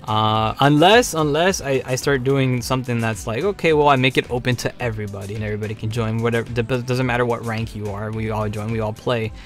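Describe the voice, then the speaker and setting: A man's voice: medium pitch, fairly quick, hardly any pauses, soft background music. A man hosting a game livestream who talks casually with lots of fillers and restarts, then slips into play-by-play commentary. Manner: rambling, filler-heavy talk turning to play-by-play. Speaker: livestream host.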